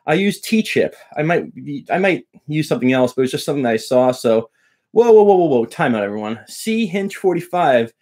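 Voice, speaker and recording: Middle-aged guitar teacher, chatty live-stream host, joking with viewers; mid-pitched male voice. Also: expressive, brisk, hardly any pauses, darkish tone. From Long Island, New York. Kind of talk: casual live-stream lesson and chat.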